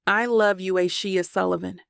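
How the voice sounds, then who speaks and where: A woman's voice: mid-range voice, steady tone, moderate pace, gravelly, clear, resonant tone, no echo, studio quality, lightly acted. A woman voicing a tender murmuring husband. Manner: soft murmur. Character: loving young husband, teasing then earnest.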